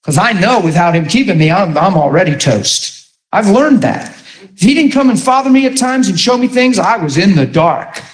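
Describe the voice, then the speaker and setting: A man's voice: high-pitched, expressive, normal speed. A man preaching in a conversational sermon, earnest and rambling, laughing often as he tells stories. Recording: echoey room.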